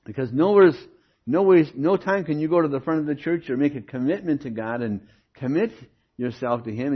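An older man preaching an expository sermon, teaching in an animated way with rhetorical questions and occasional comic asides. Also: on the high side, breathy edge. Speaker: pastor. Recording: dull lo-fi sermon recording.

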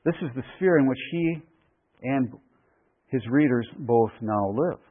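Male preacher, husky voice, emphatic and deliberate, narrow phone-like radio sound. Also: mid-range voice. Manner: emphatic, deliberate, repeats key phrases. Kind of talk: expository sermon.

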